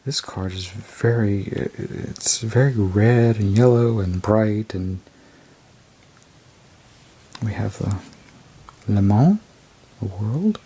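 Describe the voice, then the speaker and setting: A man casually reviewing a tarot deck, rambling and unhurried as he describes each card. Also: fairly low pitch, expressive, warm tone, husky. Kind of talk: casual show-and-tell review.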